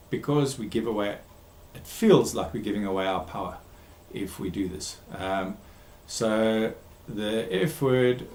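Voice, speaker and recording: A man who works as a therapist gives a recorded talk, speaking emphatically, repeating key words and pausing with frequent ums. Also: medium pitch, echoey room. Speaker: therapist giving a talk series.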